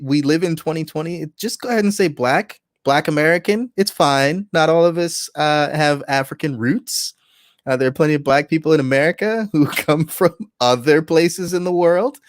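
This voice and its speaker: A man's voice: fairly high pitch, clean tone, no echo, clean studio sound. A man co-hosting a casual podcast, rambling and joking with profane asides. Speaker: podcast co-host.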